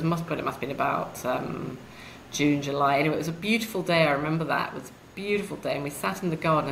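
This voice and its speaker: A British woman with a low voice, speaking as an interview guest. She talks in a thoughtful, reflective way. Her voice carries a roomy echo over faint background noise. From United Kingdom. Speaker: guest, author and blogger. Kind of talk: conversational interview. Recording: echoey room with faint noise.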